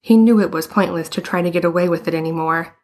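Woman audiobook narrator, lowish pitch, even storytelling. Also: fast. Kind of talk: scripted narration.

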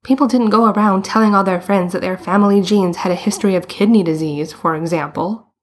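A woman narrating a story in a calm, steady storytelling manner. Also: medium pitch, brisk. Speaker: audiobook reader.

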